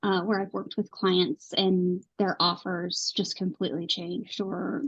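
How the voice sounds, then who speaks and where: A woman co-hosting a casual chat, speaking in a relaxed, conversational way over a video call. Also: fairly low pitch, a little slow, breathy edge. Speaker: co-host. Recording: dull lo-fi video call audio.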